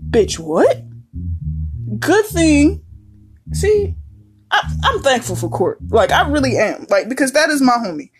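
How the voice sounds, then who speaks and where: A woman's voice: high voice, very animated, measured pace, long pauses, faint music behind. A woman hosting a podcast, talking casually in a blunt, swearing, emphatic way. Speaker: podcast host. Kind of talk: casual monologue.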